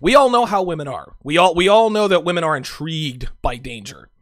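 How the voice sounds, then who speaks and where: A man's voice: fairly high pitch, animated, brisk, fairly bright tone, no echo. A man giving blunt, profane casual commentary on a TV show, talking straight to his viewers.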